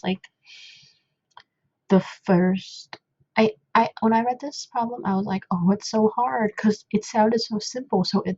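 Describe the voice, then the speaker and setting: A woman's voice: medium pitch, mellow, slightly rough, dry recording, dull audio. A young woman at home casually talking through a coding problem, rambling with lots of fillers and self-deprecating asides. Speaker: coding tutor.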